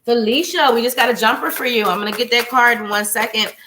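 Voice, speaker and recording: A woman's voice: on the high side, quick pace, background noise. A chatty woman hosting a live tarot reading stream, greeting viewers by name and reading cards in a bubbly way. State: slightly winded. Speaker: psychic reader hosting a live show.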